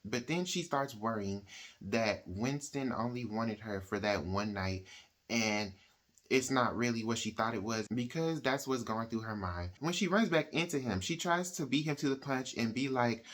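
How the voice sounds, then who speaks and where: A man's voice: medium pitch, normal speed, a bit bright. A man casually retelling a novel's plot as a book reviewer, talking in a chatty way and often acting out the characters' lines. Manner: chatty, uses "like" and "she's like" quotes.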